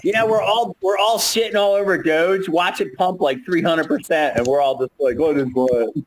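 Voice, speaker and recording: A man's voice: high voice, sing-song, unhurried, slight background noise. A man co-hosting a casual live call, laughing often and swearing freely. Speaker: co-host of a chart analysis call.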